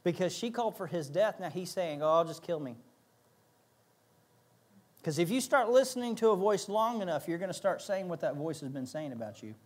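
A man's voice: sits high, lively intonation, fast, hardly any pauses. A man pastor preaching a sermon, emphatic, repeating key phrases and acting out little asides.

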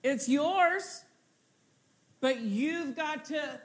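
A woman's voice: high voice, drawn-out words. A woman preaching a sermon, repeating her phrases and building toward exultant declarations. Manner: repetitive, building to exultant shouts.

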